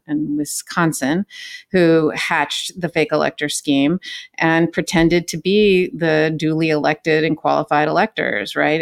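A woman's voice: low-pitched, dry recording, clean studio sound. A woman from California co-hosting a legal podcast as a former prosecutor, explaining cases conversationally with frequent fillers and "right?" tags. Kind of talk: casual legal podcast chat.

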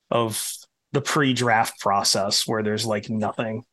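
A man hosting a podcast with a low husky voice from a sore throat, talking in a wry, joking, rambling way. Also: fairly even intonation, slow pace, fairly bright tone. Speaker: podcast host. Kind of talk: casual podcast chat.

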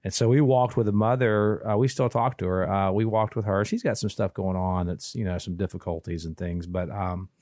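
A man, telling a long story in casual podcast chat, rambling and restarting, animated when he quotes people. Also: on the low side, a little fast, few pauses, no room sound, clean studio sound. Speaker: podcast co-host.

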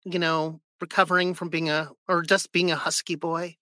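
A man's voice: fairly high pitch, flat delivery, moderate pace, sharp tone, dry recording. A man hosting a podcast in a recording booth, playful and jokey. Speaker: podcast host. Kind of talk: casual chat.

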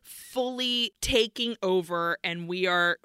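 Bright, clear-voiced woman podcast host. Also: fairly low pitch, slow, no room sound, clean studio sound. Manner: candid, retelling scenes in detail with nervous laughs. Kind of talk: casual movie recap chat.

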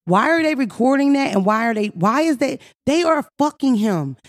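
A woman from Philadelphia with a Philly accent, hosting a podcast in brash, profane, animated casual chat. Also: high voice, moderate pace, no room sound, studio quality. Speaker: podcast host.

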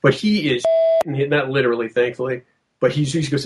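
A man recounting a tense field investigation in casual storytelling, lively and quoting himself, with frequent restarts. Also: medium pitch, a little fast, slight background noise. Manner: animated, acts out quotes, many restarts.

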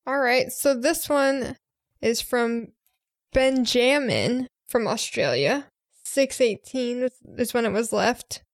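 Female podcast co-host, lively and bouncy, raised pitch, creaky edge, chatty review reader. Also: slow, no room sound, clean studio sound. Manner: lively, laughs easily. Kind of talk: casual chat reading listener reviews.

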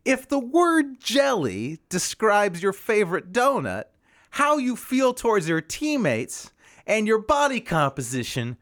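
A man putting on a comedian's voice, reading joke setups in a drawn-out, sing-song way and landing each punchline. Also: high voice, huge pitch swings, a bit bright, pitched above the performer's own voice, exaggerated voice. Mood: mock-solemn. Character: man doing a comedian's slow joke routine. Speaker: podcast co-host.

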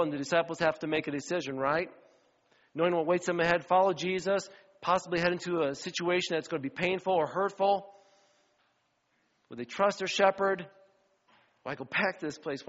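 A middle-aged man preaching a sermon as pastor, animated storyteller who acts out the voices of the people in his stories. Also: fairly high pitch. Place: church sanctuary. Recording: dull sound with long hall reverb.

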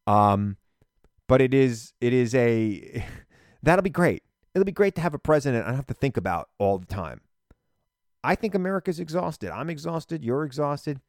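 A man hosting a political podcast, talking in an animated, emphatic solo monologue and repeating phrases for punch. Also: mid-range voice, moderate pace, no room sound, clean studio sound.

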